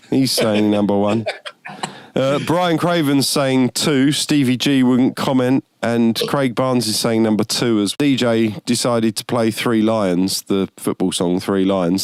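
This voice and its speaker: A man's voice: lowish voice, smooth, dry recording. A British man chats casually as host of an online stream. He rambles through his anecdotes and laughs as he goes. The recording is dry, with no room sound. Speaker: band member hosting a stream. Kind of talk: casual chat.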